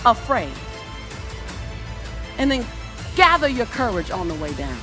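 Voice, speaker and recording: Emphatic woman speaker over loud music. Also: on the high side, big pitch swings, moderate pace, pauses often. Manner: emphatic, punchy short commands. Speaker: motivational speaker. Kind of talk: stage motivational speech.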